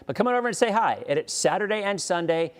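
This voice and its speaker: A man's voice: high-pitched, expressive, quick pace. A man with an American accent hosting a casual interview show, a weather presenter who rambles, restarts and tells stories with chuckles.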